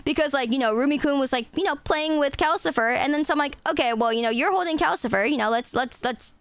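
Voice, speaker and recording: A woman's voice: high-pitched, fast talker, a bit bright, no room sound. A young woman streamer chatting casually with her viewers, laughing often and swearing freely. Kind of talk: casual chat.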